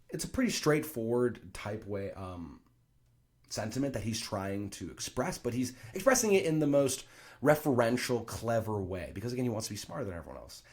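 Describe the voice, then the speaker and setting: A man's voice: mid-range voice, a little mellow. A man teaching a class on a play, talking casually and thinking aloud with asides and fillers. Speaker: teacher explaining Shakespeare. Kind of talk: casual explanatory lesson.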